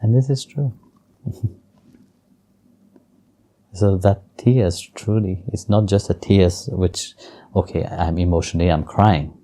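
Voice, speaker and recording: A low-pitched man with a mellow, dark voice, gently telling spiritual stories in an interview. His phrasing is simple and non-native, and he chuckles softly now and then. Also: fairly even intonation, slow, pauses often. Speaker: spiritual teacher. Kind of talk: storytelling and spiritual teaching in an interview.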